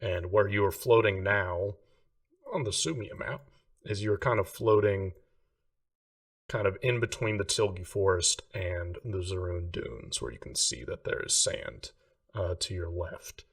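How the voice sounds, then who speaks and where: A man's voice: deep voice, unhurried, creaky, recorded from a distance. A man narrating as game master of a tabletop game, in loose, casual narration with lots of fillers.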